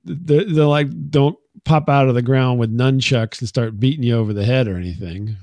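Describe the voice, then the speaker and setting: A podcast co-host chats casually in a playful, joking manner. His mid-range, slightly mellow voice moves at normal speed in a dry, studio-quality recording.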